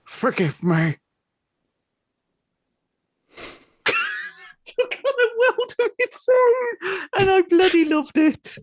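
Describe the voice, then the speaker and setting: A man hosting a comedy podcast, talking quickly and excitedly and laughing often. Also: extremely high pitch, no room sound, studio quality. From United Kingdom. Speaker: podcast host. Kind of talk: casual comedy chat.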